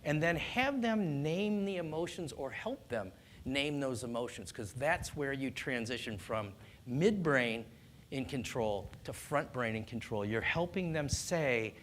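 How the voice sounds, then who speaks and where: A man speaking as a doctor, calmly explaining how parents should handle their child's tantrums, earnest and instructive. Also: medium pitch, unhurried, a little hiss or hum. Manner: calm, earnest, instructive, with small restarts. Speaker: doctor giving parenting advice. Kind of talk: explanatory talk on child discipline.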